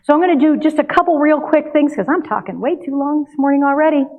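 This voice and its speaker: An older woman giving a sermon, telling a family story in a conversational, lively way. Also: sits high, fast. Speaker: minister. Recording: tinny phone-like sound.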